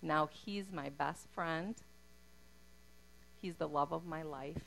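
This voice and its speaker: A middle-aged woman shares her faith testimony in an earnest, heartfelt way. Her voice sits low and has a gravelly edge. A faint hum runs underneath. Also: slow, fairly bright tone, rough recording. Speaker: speaker giving a testimony.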